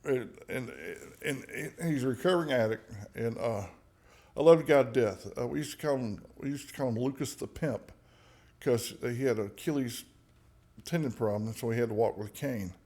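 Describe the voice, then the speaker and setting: A man's voice: mid-range voice, normal speed, darkish tone. A man speaks as a podcast guest, telling personal stories in a candid, conversational way. He is blunt and profane, slips jokes in, and often restarts his sentences as he goes. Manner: frank, profane, joking, many restarts.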